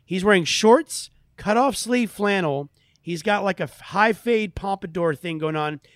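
A man hosting a casual chat, telling a story in an animated way and acting out the voices of people he quotes. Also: high voice, unhurried, dry recording, studio quality. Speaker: host.

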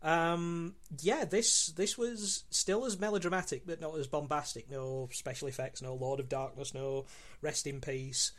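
A man's voice: on the high side, steady tone, measured pace, fairly bright tone. A man as guest co-host on a podcast, talking enthusiastically with frequent ums and restarts. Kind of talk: casual podcast discussion.

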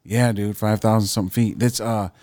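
A man's voice: lowish voice, flat delivery, fairly quick, dark tone, no room sound, clean studio sound. A man co-hosting a podcast, joking and swearing in rambling casual chat. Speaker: podcast co-host.

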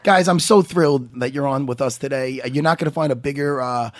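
A male co-host in casual chat, excitable and effusive, stumbling and repeating his words. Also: mid-range voice, brisk, dry recording, clean studio sound.

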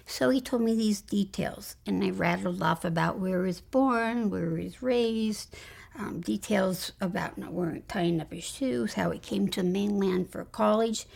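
Woman, husky, slightly gravelly, earnest testimony, hushed whispers. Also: mid-range voice, measured pace. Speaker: guest telling her near-death story. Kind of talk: personal testimony in an interview.

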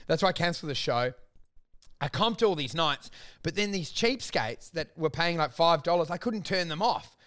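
High-voiced, exasperated man. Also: expressive, moderate pace, fairly bright tone. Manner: profane, exasperated, acts out quoted people in raised voices. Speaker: stand-up comedian telling stories. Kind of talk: animated storytelling, casual podcast chat.

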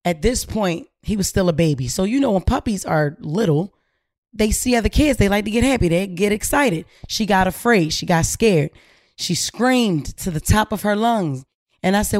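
A woman's voice: medium pitch, normal speed, no room sound, clean studio sound. A woman hosting a casual talk show, telling a story in slangy, emphatic speech and acting out the people she quotes. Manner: animated, acts out quoted voices, slangy and emphatic. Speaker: podcast host.

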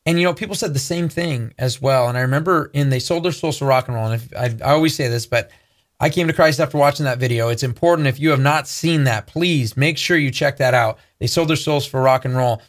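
A man's voice: mid-range voice, fairly quick. A man co-hosting a Christian talk show, earnestly preaching and telling a personal story. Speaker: co-host. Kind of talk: preaching commentary.

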